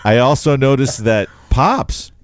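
A man co-hosting a casual podcast chat, animated and repetitive as he hypes up the week's game. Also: mid-range voice, unhurried, no room sound, clean studio sound. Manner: animated, repeats himself, hype-building. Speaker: podcast co-host. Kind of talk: casual chat about fantasy baseball.

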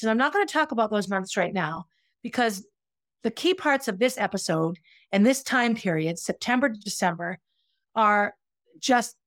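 A woman's voice: mid-range voice, fairly bright tone, no echo, studio quality. A middle-aged woman hosting a podcast, telling her own story in a candid, reflective, confessional way. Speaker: podcast host. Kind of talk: personal storytelling.

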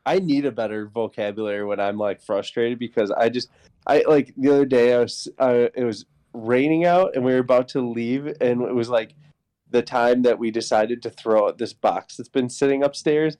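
A man's voice: medium pitch, normal speed, mellow. A young man chatting casually, self-deprecating and laughing through his stories. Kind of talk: casual chat.

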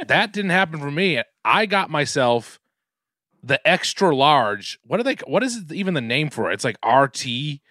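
A man hosting a podcast, telling casual stories with lively swearing. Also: a little high, moderate pace, no echo, studio quality. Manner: animated, swearing storyteller. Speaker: podcast host. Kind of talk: casual chat.

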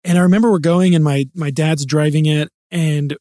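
A young adult man co-hosting a podcast, telling stories in casual chat, animated and acting out the voices of the people he quotes. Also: fairly high pitch, normal speed, no echo, studio quality. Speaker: podcast co-host.

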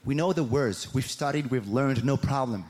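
A man with a French accent performing stand-up comedy, animated and mimicking voices and mispronunciations. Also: medium pitch, normal speed. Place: large theater with live audience. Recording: live stage recording with audience noise.

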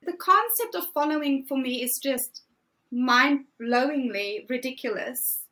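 A woman in her forties, a guest coach giving emphatic, animated motivational talk. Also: high voice. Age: 40s. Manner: emphatic, animated, drawn-out phrasing.

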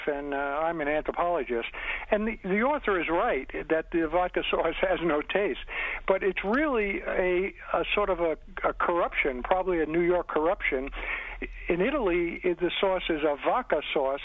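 A man's voice: sits high, no room sound. Hesitant man caller on phone line. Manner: hesitant, many uhs. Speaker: caller, anthropologist. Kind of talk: phone-in call.

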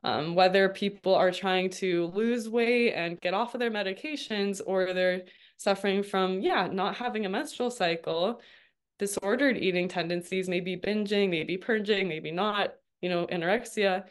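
A woman in her thirties talks through her story as an interview guest, chatty and quick to laugh, with plenty of "like" and "um". Her voice is smooth and clear, sitting at a middle pitch. She keeps it casual and personal. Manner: chatty, laughs often, frequent "like" and "um". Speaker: guest, registered dietitian.

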